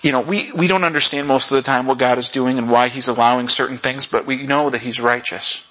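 A male pastor preaching a conversational sermon, often saying "you know" and jumping up in pitch for emphasis. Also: fairly even intonation, fairly quick, bright, forceful tone. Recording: lo-fi dull sound.

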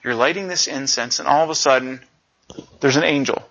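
Lively man preaching, bright lo-fi sound. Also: medium pitch, brisk, creaky. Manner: animated storyteller, acts out quotes. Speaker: pastor. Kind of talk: conversational sermon. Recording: dull lo-fi recording.

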